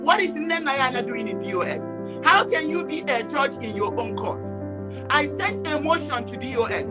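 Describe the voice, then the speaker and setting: Angry high-voiced Nigerian woman caller. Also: expressive, loud music behind the voice. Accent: Nigerian English. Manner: angry, rapid rhetorical questions, near shouting. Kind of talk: impassioned call-in talk.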